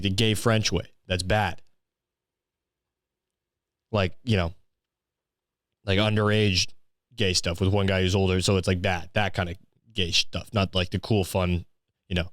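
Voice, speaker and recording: A man's voice: lowish voice, smooth, no room sound, studio quality. A young man from Canada, hosting a podcast with a crude, sarcastic, swear-filled comedic rant. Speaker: podcast host.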